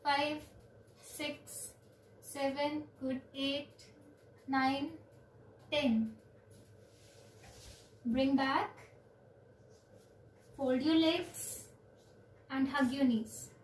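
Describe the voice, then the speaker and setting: A woman, teaching children yoga on a video call with slow, clear instructions and counting. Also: sits high, steady tone, a little hiss or hum. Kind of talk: online yoga class for children. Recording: roomy, distant from the mic.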